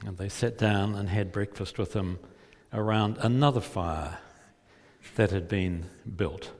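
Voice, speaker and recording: A man's voice: fairly low pitch, a little slow, darkish tone. A male preacher telling a gospel story vividly and putting rhetorical questions to his listeners. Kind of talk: sermon storytelling. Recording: long hall reverb.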